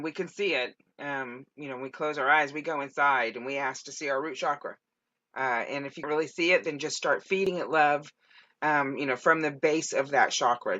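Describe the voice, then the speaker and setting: A woman's voice: extremely low pitch, highs cut off. A woman hosting as a psychic medium, giving spiritual guidance with many fillers. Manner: warm, speaks with lots of fillers.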